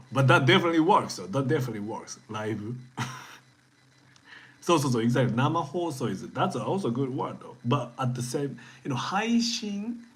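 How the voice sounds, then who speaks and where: A man with a Japanese accent giving a casual live-stream lesson, lively and encouraging, mixing English with Japanese words. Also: medium pitch, poor audio. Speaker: Japanese teacher streaming to viewers.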